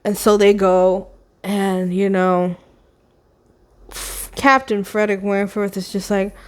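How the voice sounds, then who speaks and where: A woman's voice: mid-range voice, steady tone, a little slow. A woman retelling a novel's plot in a casual, chatty ramble, with sarcastic asides. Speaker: book vlogger.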